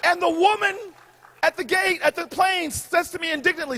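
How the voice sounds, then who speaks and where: A man in his forties giving a humorous commencement speech, shouting his punchlines with a preacher-like call and response. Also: very high voice, moderate pace. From United States. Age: 40s. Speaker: commencement speaker. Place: outdoor graduation ceremony stage.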